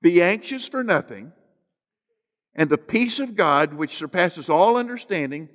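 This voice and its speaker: Guy preaching slow in a church, drags out the verses, cracks little jokes, long hall echo. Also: high voice, expressive, a bit bright. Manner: slow, drawn-out emphasis on scripture phrases; joking asides to the congregation. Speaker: pastor. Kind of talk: sermon.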